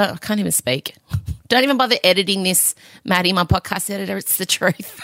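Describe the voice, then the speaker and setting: A woman's voice: mid-range voice, a little fast, a bit bright, no echo, clean studio sound. A tired woman hosting her own podcast, talking frankly and rambling a little, laughing often and getting emotional. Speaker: podcast host. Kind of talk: candid solo podcast chat.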